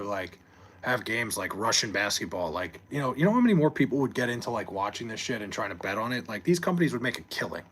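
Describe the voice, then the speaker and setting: Husky, profane male streamer. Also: medium pitch. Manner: loose, profane, rambling, reads chat aloud. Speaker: live streamer. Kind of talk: casual late-night stream chat. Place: home, late at night.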